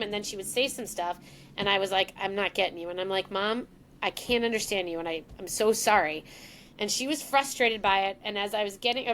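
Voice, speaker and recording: A woman's voice: medium pitch, slight background noise. A woman as a podcast guest, telling an emotional personal story and acting out the lines of the people in it. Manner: emotional, animated, acts out quoted lines.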